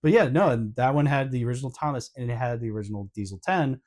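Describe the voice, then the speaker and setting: Chill podcast cohost dude, medium voice, relaxed storytelling, casual. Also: male voice, medium pitch, fast. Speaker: podcast co-host. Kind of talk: casual chat. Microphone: podcast microphone.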